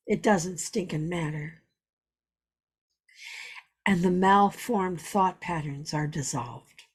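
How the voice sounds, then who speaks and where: A woman's voice: lowish voice, husky. A woman spiritual teacher giving an earnest, repetitive teaching talk, weaving in personal stories.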